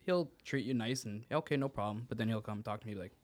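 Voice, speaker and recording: A man with a fairly low voice speaks quickly and plainly as a podcast guest. He tells his work history in a brisk, matter-of-fact way. The tone stays casual throughout. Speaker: project manager guest. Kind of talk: casual interview chat.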